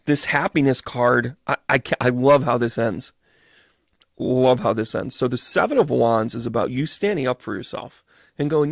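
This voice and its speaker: A man with a gravelly, fry-edged voice runs a live tarot reading, animated and swearing freely as he talks to viewers. The sound is dry and close. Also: mid-range voice, no room sound. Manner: animated and profane, acting out quick voices. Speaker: medium doing tarot readings.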